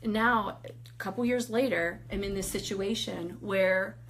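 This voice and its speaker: A woman in her thirties sharing a personal faith testimony in casual conversation, animated, acting out quotes and laughing often. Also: mid-range voice, unhurried.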